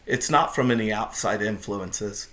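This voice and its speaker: A man's voice: lowish voice, a little slow, fairly bright tone. A middle-aged man, a jiu-jitsu competitor and podcast guest, telling stories in a casual, intense and self-deprecating way. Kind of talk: casual storytelling.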